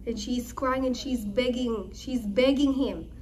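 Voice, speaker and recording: A woman's voice: a little high, a little slow, darkish tone, a little hiss or hum, poor audio. A young woman teaching a scripture lesson through dramatic storytelling, acting out the quoted lines with emphasis. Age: young adult. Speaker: Torah teacher.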